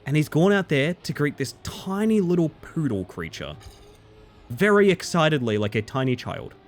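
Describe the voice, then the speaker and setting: Lively, chatty streamer telling a story. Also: mid-range voice, normal speed. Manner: chatty, rambling, lots of fillers. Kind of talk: casual live-stream storytelling.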